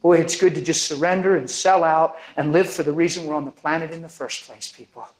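A man preaching a sermon, telling a story with lively energy and acting out the people in it. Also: a little high, fairly quick, rough recording. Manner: animated, acts out the people in his stories.

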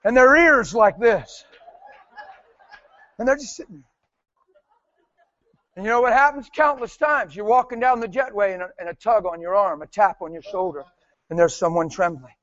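A man preaching in a testimony style, telling animated stories and switching between soft talk and sudden shouts. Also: high-pitched, normal speed, pauses often, dry recording, highs cut off. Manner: animated storytelling, laughing, mimicking voices and shouting.

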